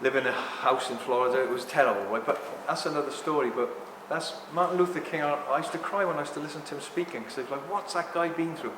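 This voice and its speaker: Animated man in his sixties, echoey hall. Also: fairly high pitch, fast talker, hardly any pauses, background noise. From England. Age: 60s. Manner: animated, ranting, apologetic asides. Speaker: speaker at a talk. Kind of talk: rambling live talk to an audience. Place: hall with a live audience. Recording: echoey hall with long reverb.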